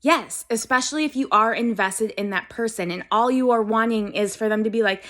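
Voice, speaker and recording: Woman in her twenties, vlogger, earnest and gushing, a bit teary, slightly high voice. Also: lively intonation, moderate pace, fairly bright tone. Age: 20s. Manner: earnest, gushing, talks to herself in mirror. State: teary-eyed. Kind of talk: casual self-talk vlog.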